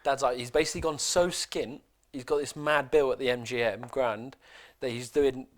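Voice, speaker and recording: Guy on a podcast, sweary storyteller, gets animated. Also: medium pitch, moderate pace. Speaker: podcast co-host. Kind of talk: casual chat.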